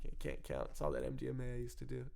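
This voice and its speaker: This man talks very fast in a completely flat, gravelly, mid-range voice with a slightly mellow quality. He rambles through his addiction story in the first person, swearing freely and laughing often.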